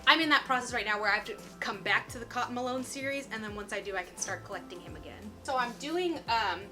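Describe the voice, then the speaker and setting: A woman's voice: on the high side, fast, over music. A woman in her twenties chatting casually as a lifestyle vlogger, bubbly and full of "like". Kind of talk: casual chat.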